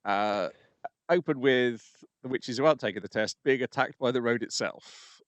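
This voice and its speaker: A man's voice: medium pitch, moderate pace, no echo, dull audio. A man hosting a podcast, talking casually and hesitantly with many ums. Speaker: podcast host. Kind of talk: casual chat.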